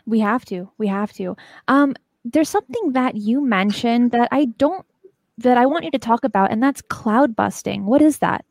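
Higher-voiced woman, dry close sound. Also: normal speed, creaky, dry recording. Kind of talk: casual chat.

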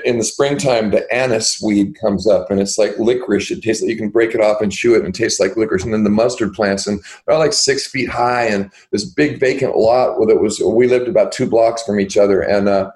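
An older man, an interview guest, telling his life story in a halting, rambling way with many fillers and restarts. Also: fairly low pitch, darkish tone, low-quality recording.

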